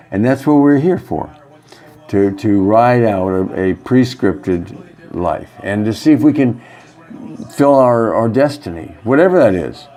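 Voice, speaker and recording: A man giving a rambling spiritual talk as a yoga teacher, halting often and using many fillers. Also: fairly low pitch, mellow. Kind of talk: casual spiritual monologue.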